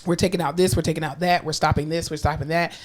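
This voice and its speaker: A woman's voice: low voice, steady tone, fast talker. A woman co-hosting a podcast, telling a work story in casual chat, easygoing, swearing now and then and acting out the voices she quotes. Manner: laid-back, swears, acts out quoted voices. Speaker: podcast co-host.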